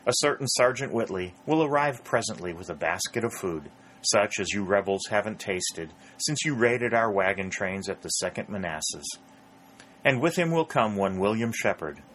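Jovial union soldier, playful and teasing, storybook, man reading, lowish voice. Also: a bit bright, slight background noise.

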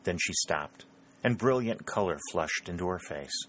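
Deep-voiced man narrating a novel. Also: lively intonation, measured pace, fairly bright tone. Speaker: audiobook narrator.

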